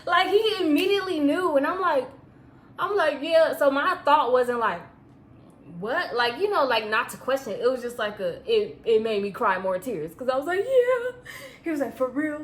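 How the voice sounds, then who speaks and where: Young woman, profane animated storytime, slightly high voice, echoey room. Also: normal speed. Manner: animated and profane, with bursts of laughter. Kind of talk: casual storytime. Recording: echoey room with faint ambience.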